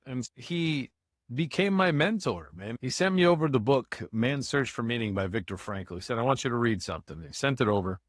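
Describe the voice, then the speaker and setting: A man's voice: mid-range voice, lively intonation, moderate pace, no echo, clean studio sound. A man from Michigan, a guest in a podcast interview, telling his life story in a candid, conversational way. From Michigan, USA. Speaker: guest, motivational speaker.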